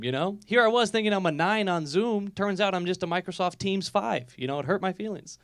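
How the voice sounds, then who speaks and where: A man in his twenties doing a live stand-up set of energetic, self-deprecating observational jokes. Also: high voice, a little fast, few pauses, no room sound. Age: 20s. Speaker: stand-up comic. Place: live comedy telethon venue.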